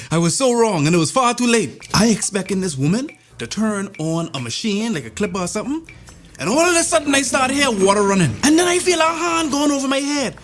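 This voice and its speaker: High-voiced man telling a funny story. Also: a little fast, slight background noise. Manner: animated, rambling, with playful asides. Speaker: vlogger. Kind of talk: comedic storytelling.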